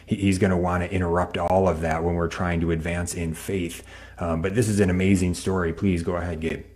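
A male interview host who speaks in a measured, explanatory way to his viewers. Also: low-pitched, level tone, darkish tone. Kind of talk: interview hosting.

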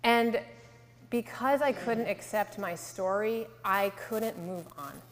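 A woman in her thirties, from Connecticut, tells her faith testimony to a live audience. She speaks earnestly and sinks to a near hush on the tender lines. Her voice rings with the long reverb of a large hall. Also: mid-range voice, takes it slowly, slight background noise. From Connecticut, USA. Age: 30s. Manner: earnest storytelling, drops to a soft hush for emotional lines.

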